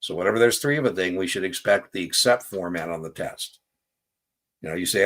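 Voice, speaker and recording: Deep-voiced man coaching exam takers. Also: brisk, a bit bright. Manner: casual, chatty, asks "right?" often; tells personal stories as examples. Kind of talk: live-stream Q&A lesson.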